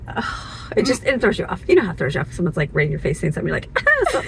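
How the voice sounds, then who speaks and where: A woman vlogging about her family in a casual chat, chatty and quick to laugh. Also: on the low side, very animated, creaky, a bit bright, a little hiss or hum, poor audio. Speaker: vlogger, homeschooling mom. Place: home, then a car. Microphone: camera set on the dashboard.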